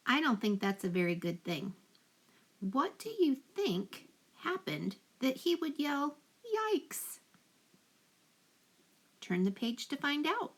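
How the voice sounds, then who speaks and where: A woman's voice: a little high, a little hiss or hum. A woman reading a rhyming picture book aloud to children, in a rhythmic voice, stopping to ask the listener questions. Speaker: reader. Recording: roomy echo.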